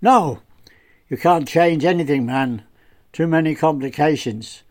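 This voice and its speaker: A man's voice: fairly high pitch, unhurried, voice pushed up, close to an everyday voice. A man doing a chatty, rambling older guide. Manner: colloquial, rambling, reassuring.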